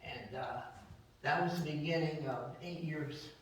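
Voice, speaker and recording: A man's voice: fairly high pitch, a little slow, slight background noise. A man giving a memorial eulogy, telling rambling family anecdotes and acting out the voices he quotes. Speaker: eulogy speaker. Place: memorial service hall. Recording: very echoey hall, distant from mic.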